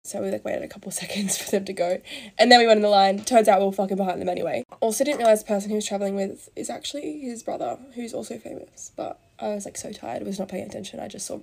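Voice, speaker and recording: A young woman rattles off a gossipy storytime at a brisk clip, peppering it with "like" and the odd swear. Her voice sits in a middle range and stays close to a phone camera. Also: mid-range voice, creaky, a little mellow, breathy edge. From Australia. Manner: fast, gossipy, heavy use of "like", swears casually. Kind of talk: chatty get-ready-with-me storytime.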